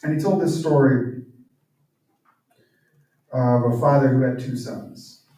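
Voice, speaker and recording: Male guest preacher, mellow, storytelling style, distant mic in a very echoey hall. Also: mid-range voice, slow pace. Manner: conversational storytelling. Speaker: guest speaker and author. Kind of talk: sermon. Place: large church hall.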